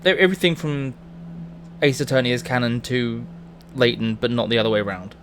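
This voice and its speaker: A man streaming a game in casual commentary, excitable, swearing and stammering as he wanders off on tangents. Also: mid-range voice, a little fast, a little hiss or hum.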